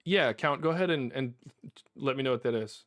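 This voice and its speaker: Brisk and a bit bright, this medium-pitched male streamer talks to chat as he plays, breaking into bursts of laughing, mock frustration. The live gameplay commentary is studio quality with no room sound.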